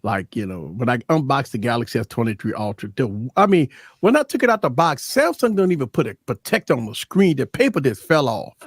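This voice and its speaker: A man's voice: mid-range voice, fairly quick, hardly any pauses, breathy edge, dry recording, studio quality. A man co-hosting a live tech stream, talking in casual, blunt, profane banter. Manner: animated, blunt, swears freely. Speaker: tech show co-host.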